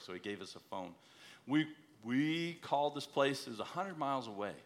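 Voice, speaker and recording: A man's voice: mid-range voice, pushed and bright. A middle-aged man, a missionary preacher, telling a personal story in a sermon and urging listeners in an earnest, emphatic way.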